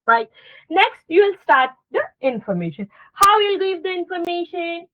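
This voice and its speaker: A woman's voice: extremely high pitch, normal speed. A woman teaching a communication skills class on a video call, acting out sample dialogues and checking in with her students. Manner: animated, acts out sample dialogues, checks in with "okay" and "guys". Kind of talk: online class lecture. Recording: tinny phone-like online class audio.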